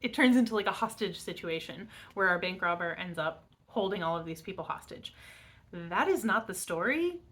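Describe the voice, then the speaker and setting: A woman's voice: lowish voice, animated, normal speed, fairly bright tone. A young adult woman reviewing books in a casual chat, bubbly and rambling with many fillers. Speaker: book vlogger.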